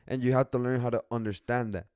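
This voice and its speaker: Young man, casual rambling podcast talk, heavy slang and swearing, smooth voice, dry close mic. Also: mid-range voice, steady tone, quick pace, darkish tone, no echo. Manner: rambling, profane slang, frequent restarts. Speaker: podcast host.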